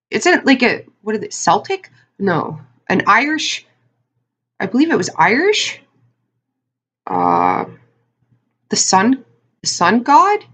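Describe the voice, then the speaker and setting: A woman's voice: medium pitch, a bit bright, breathy edge. A woman giving a casual tarot card reading to her viewers, talking in a chatty, rambling way with lots of fillers and asides. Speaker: tarot reader.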